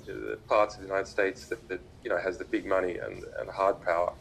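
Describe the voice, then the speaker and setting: A man giving a remote public talk over a video link, halting and full of fillers and restarts as he speaks. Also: low voice, steady tone, creaky, a bit bright, a little hiss or hum, rough recording. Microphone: video call played through a laptop speaker.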